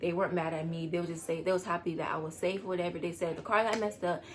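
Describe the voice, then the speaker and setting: A teenage girl telling a storytime vlog, rushed and rambling as she tries to calm down. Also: lowish voice. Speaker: vlogger.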